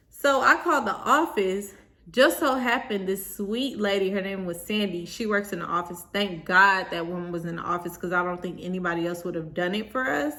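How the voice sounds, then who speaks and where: A young woman telling a storytime vlog in an animated, slangy way, talking straight to her viewers. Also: medium pitch, normal speed.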